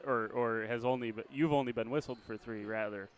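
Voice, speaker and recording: A man calling a high school basketball game play-by-play, chatty and quick to correct himself with a small laugh. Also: steady tone. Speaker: play-by-play announcer.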